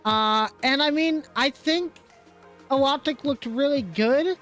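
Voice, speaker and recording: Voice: sits high, slow, a bit bright, faint music behind. A podcast host leading the chat and asking a guest questions, with some fillers.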